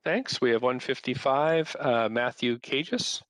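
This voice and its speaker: Brisk, polite man chairing a meeting. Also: mid-range voice, fairly bright tone, no room sound. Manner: polite and brisk, with frequent fillers. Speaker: mayor chairing a council meeting.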